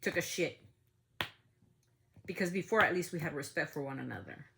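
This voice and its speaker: Low-voiced outspoken woman podcast host. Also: animated, normal speed, vocal fry, heavy background noise. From United States. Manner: heated, outspoken, swears freely. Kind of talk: casual opinion talk.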